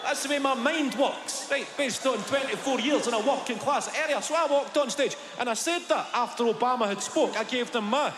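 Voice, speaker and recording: A man in his twenties with a Glaswegian Scottish accent, doing a stand-up routine and telling stories in an animated, profane way. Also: extremely high pitch, a little fast, hardly any pauses, very noisy. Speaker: stand-up comedian. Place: live venue on stage. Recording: long hall reverb, loud ambience.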